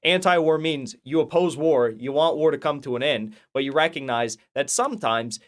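Brief: male channel host, somewhat high-pitched, rambling and heated, profane, casual rant. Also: normal speed. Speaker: political commentary channel host. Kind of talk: casual ranting commentary.

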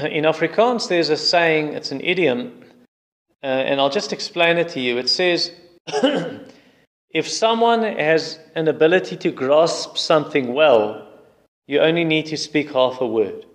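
A man's voice: a little high, lively intonation, a little slow. A man preaching a sermon in an earnest, explanatory way.

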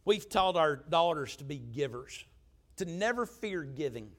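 A man, a pastor preaching a storytelling sermon in an emphatic, conversational way, swinging between loud and quiet. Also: a little high, expressive, unhurried.

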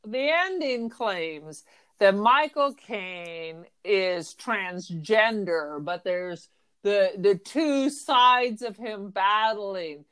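A woman's voice: medium pitch, expressive, very slow, fairly bright tone, clear, resonant tone. A woman co-hosting a podcast, talking about a film in a wry, sarcastic way. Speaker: podcast co-host. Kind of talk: casual film discussion chat.

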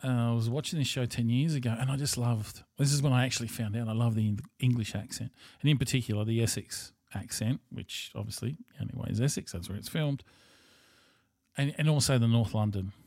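Australian male host, casual monologue, swears freely, rambles, mid-pitched voice, dry close sound. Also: fairly quick, a little mellow, no echo. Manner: rambling, profane and blunt.

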